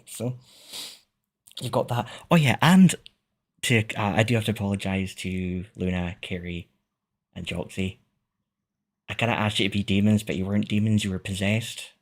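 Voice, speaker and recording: Scottish man, husky voice, rambling stream chat, swears and laughs a lot, streaming mic. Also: fairly low pitch. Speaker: VTuber streamer. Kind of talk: casual live-stream chat. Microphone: streaming microphone.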